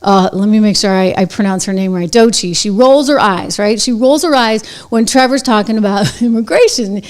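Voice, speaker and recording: A middle-aged woman hosting her own show, delivering brisk, sarcastic, conversational commentary on the news. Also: mid-range voice, a little mellow. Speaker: show host. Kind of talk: opinionated commentary.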